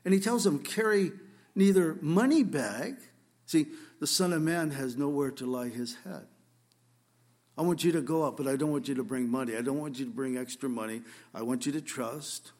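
A man preaching a sermon, reading scripture and expounding on it, swinging between loud rhetorical questions and quiet asides. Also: medium pitch, normal speed. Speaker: pastor.

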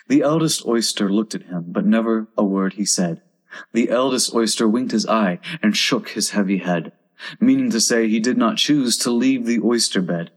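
Low-voiced man reading a storybook. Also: moderate pace. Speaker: narrator. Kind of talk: storybook read-aloud.

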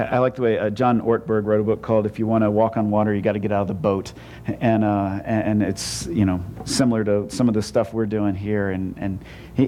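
Preaching conversationally, a male pastor with a lowish voice often stammers and restarts, shifting suddenly between emphatic and hushed lines. A slight hiss or hum runs under the recording.

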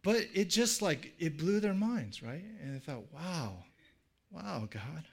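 Gravelly-voiced pastor telling a story. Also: male voice, fairly high pitch, lively intonation, slow. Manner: casual storytelling with many fillers and restarts; acts out quoted speech in a livelier voice. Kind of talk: sermon.

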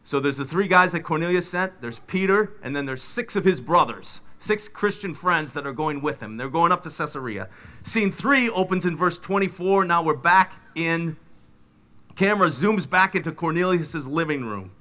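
A middle-aged man preaching a sermon, retelling biblical scenes with lively, dramatic delivery. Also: a little high, normal speed. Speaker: pastor.

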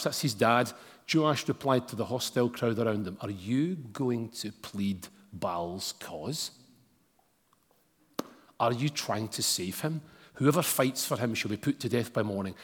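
Husky preacher in a reverberant hall. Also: male voice, medium pitch. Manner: informal asides to congregation. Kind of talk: sermon with scripture reading.

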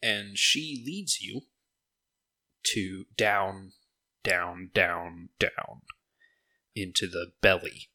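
A man narrating as game master of a tabletop game in a steady, descriptive way. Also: low-pitched, drawn-out words, pauses often.

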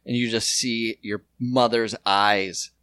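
A man's voice: on the low side, fairly even intonation, slow, pushed and bright, clean tone, dry recording. A man joking around in casual comedy banter, laughing often and slipping into silly voices.

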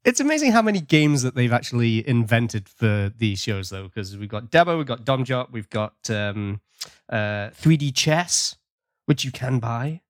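A man's voice: medium pitch, very animated, moderate pace, no room sound, clean studio sound. A man from Britain hosting a podcast, chatting casually and laughing often. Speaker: podcast host.

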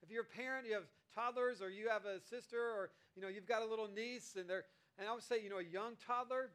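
A high-pitched man delivers a relaxed, conversational sermon as a pastor. He talks with lively energy and slips into playful quoted voices to make his points. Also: fast, smooth.

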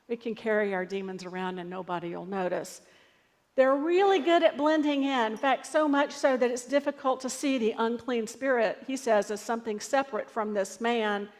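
A woman pastor preaches in a relaxed, story-driven way, her fairly high voice carrying a long reverb. She talks to the congregation as if chatting with them. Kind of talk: sermon.

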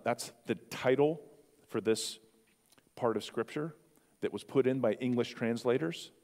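A man with a fairly low voice preaches to his congregation. He speaks in a conversational way, tosses out questions and asides, and his voice rings through the long reverb of a church sanctuary. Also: darkish tone. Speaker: pastor. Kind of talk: sermon.

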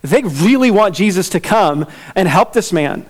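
Male preacher with a high, bright voice, casual and lively from the pulpit, slips into playful quoted voices. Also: moderate pace. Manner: animated, conversational, acts out quoted voices with laughs. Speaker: pastor. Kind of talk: expository sermon.

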